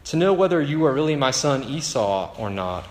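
A man's voice: mid-range voice, very animated, normal speed, natural voice. An elderly father who cannot see, puzzled and probing as he questions his son, as a preacher speaks his part. His voice sits in the wide echo of a large hall. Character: old blind father, confused and suspicious. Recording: echoey hall reverb.

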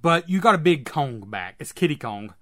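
A man co-hosting a casual podcast, talking through ideas in a relaxed, rambling way. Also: fairly high pitch, normal speed. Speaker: podcast co-host. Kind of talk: casual chat.

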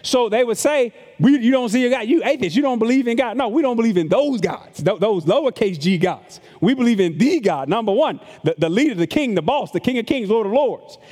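A man's voice: high voice, a little mellow, big-room sound. A middle-aged man pastor preaching a conversational sermon to his congregation, repeating words and acting out the voices of critics. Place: church sanctuary with long reverb.

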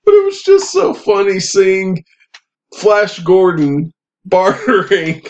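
Higher-voiced man telling a lively anecdote. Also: takes it slowly. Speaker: podcast co-host. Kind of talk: casual chat.

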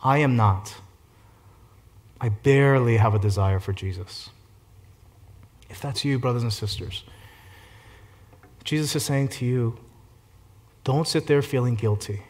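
A man preaching a sermon as a pastor, shifting from gentle hushed passages to loud fervent climaxes. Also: a little high.

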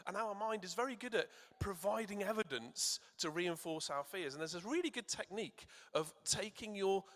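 Man, preacher, sermon in a church, encouraging, asks children questions, bright voice, long reverb. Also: high voice, lively intonation, normal speed. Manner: encouraging, asks the audience to shout answers. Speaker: church speaker.

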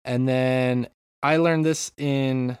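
A man's voice: medium pitch, steady tone, takes it slowly, darkish tone, clean tone, no room sound, clean studio sound. A man co-hosting a podcast in casual chat, talking at length and often apologising. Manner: apologetic, chatty, explaining at length. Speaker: podcast host. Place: home room in a city with street protests outside. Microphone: remote call, mutes mic.

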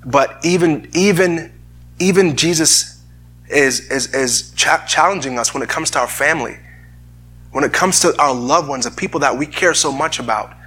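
Earnest, husky-voiced male preacher. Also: on the high side, moderate pace, fairly bright tone. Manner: earnest, repeats words while searching for phrasing. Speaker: pastor. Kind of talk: sermon with scripture reading.

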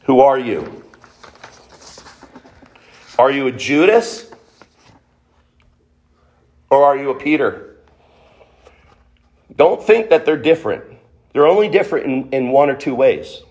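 A man's voice: medium pitch, big pitch swings, slow, long pauses, darkish tone. A man preaching a sermon, emphatic, asking the listeners questions and acting out quotes.

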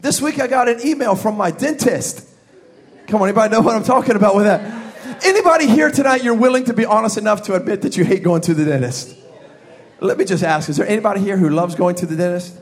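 A young adult man preaching a comedic sermon to a church congregation, telling a story with sound effects and shouting for emphasis. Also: high-pitched, quick pace. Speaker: pastor. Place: church service with live congregation.

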